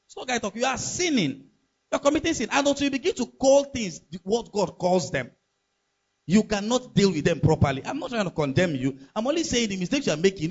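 A man's voice: high-pitched, vocal fry, slightly rough, muffled recording. A man preaching a sermon as pastor, emphatic and full of rhetorical questions to the congregation.

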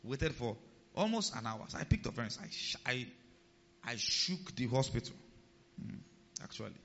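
Pastor preaching in an echoing hall. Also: male voice, mid-range voice, moderate pace, a little hiss or hum. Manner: animated preaching, rising and dropping in loudness, asks the congregation questions. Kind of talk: sermon. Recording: reverberant hall, dull sound.

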